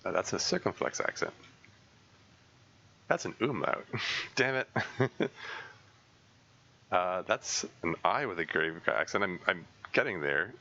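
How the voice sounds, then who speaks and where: A man streaming a survival game, talking through his plans in a halting way full of fillers and restarts. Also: sits low, animated, gravelly, sharp tone, muffled recording. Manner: halting, thinking aloud with many fillers and restarts. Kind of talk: casual live gameplay commentary.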